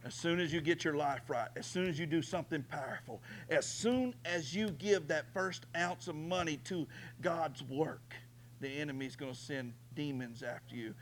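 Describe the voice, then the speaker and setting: A man preaching a sermon as pastor, swinging from quiet storytelling to shouted, tearful prayer. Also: on the high side, normal speed, a little hiss or hum.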